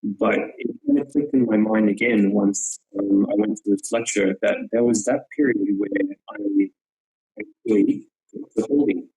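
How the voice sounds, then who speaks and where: A man with a somewhat low voice explains archery technique as a coach in an online webinar. He talks earnestly, repeats words to drive a point home and drops in frequent "yep" check-ins. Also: moderate pace, creaky, dark tone, low-quality recording.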